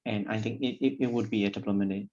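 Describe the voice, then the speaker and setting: Guy w low voice asking teacher a question, lots of uh, muffled call audio. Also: fairly even intonation, fast, dark tone. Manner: hesitant with many fillers. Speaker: trainee teacher.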